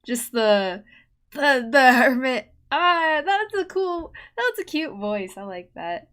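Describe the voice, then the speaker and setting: A young woman artist hosting a casual drawing video, excitable and giggly as she reacts. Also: high voice, slow, clean tone. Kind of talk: casual chat while drawing.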